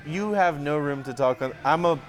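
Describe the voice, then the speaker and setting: Podcast co-host, man, slightly high voice, profane joking storyteller, faint music under. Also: moderate pace. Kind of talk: casual sports banter.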